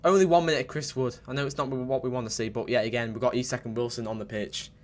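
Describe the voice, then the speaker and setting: This is a young man doing live football commentary on his stream, quick-paced and mid-range in pitch. He keeps repeating himself while reading chat aloud, and his excitement spills into shouts at key moments.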